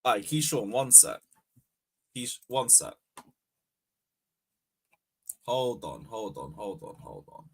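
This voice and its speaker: A young man hosting a fan livestream, bantering loudly, swearing and taunting viewers. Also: fairly low pitch, big pitch swings, measured pace, husky. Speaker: fan channel host. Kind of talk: casual livestream chat.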